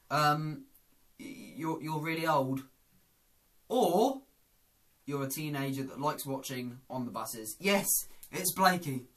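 Casual: chatty guy vlogging, jokes at his own expense, slow talker. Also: on the high side, a bit bright. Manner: chatty, self-deprecating. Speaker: YouTuber. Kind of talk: casual vlog.

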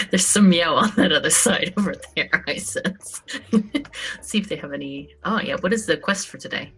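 A woman's voice: lowish voice, measured pace, long pauses, a bit bright, slightly rough. A woman co-playing a farming game, chatting casually, explaining things and laughing often. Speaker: co-op gaming guest. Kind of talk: casual let's-play chat.

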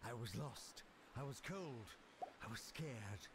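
A man's voice: mid-range voice, expressive, slow. A man playing a prim, pompous older game reviewer in a comic in-game radio bit, with a noisy broadcast sound. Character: stuffy old male game reviewer, prim and disgusted. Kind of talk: scripted comic radio monologue.

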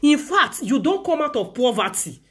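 A woman with a Nigerian accent presenting celebrity news, mixing lively commentary and preachy asides with slow read-outs of posts. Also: sits high. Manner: animated, preachy asides, exclamations; reads posts slowly. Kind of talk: gossip news commentary in Pidgin.

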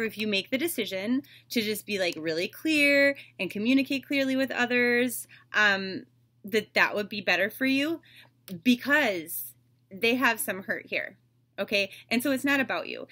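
A woman's voice: a little high, fairly bright tone. A woman giving a casual tarot reading, chatty and loose, with lots of "like" and "um" fillers. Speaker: tarot reader.

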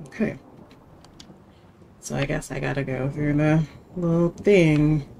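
A woman's voice: deep voice, steady tone, measured pace, vocal fry, mellow, slight background noise. A woman hosting a casual game commentary from home, jittery and dropping to nervous whispers as she plays. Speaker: gaming channel host.

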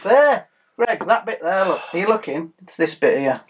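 A man's voice: sits high, expressive, moderate pace, slightly rough. Teasing man running a quiz. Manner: teasing, playful. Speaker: co-host, quizmaster. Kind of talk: casual chat, running a quiz.

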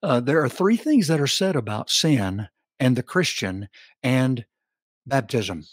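A man teaching a Bible study on a podcast, reading scripture slowly with emphatic stress. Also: mid-range voice, animated, no room sound, studio quality.

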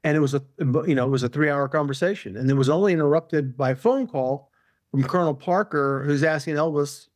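A man's voice: on the high side, a little fast, no echo, clean studio sound. A male author, a guest in an interview, telling a long anecdote casually with many fillers and restarts.

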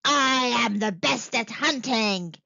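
A woman voicing a huge, hairy, boastful male monster in a children's storybook, singing his threats in a slow, menacing chant. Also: on the high side, animated, gravelly, sharp tone, no room sound, muffled recording, exaggerated voice. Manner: sing-song menacing boasting, drawn out. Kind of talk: children's storybook read-aloud.

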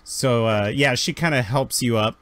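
A man narrating a tabletop game as game master, joking often and slipping into quick character voices. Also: mid-range voice, noisy background.

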